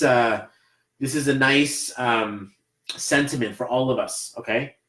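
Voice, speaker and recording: Man, Canadian accent, live numerology reading, encouraging, rambling, roomy echo. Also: fairly high pitch. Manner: rambling, encouraging, many fillers. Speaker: numerology reader. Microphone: livestream camera mic.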